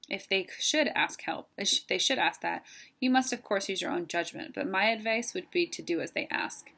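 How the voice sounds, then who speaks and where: A woman voicing a wise old male owl who speaks in a measured, formal way while reading a storybook aloud. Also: mid-range voice, creaky, pushed and bright. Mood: grave.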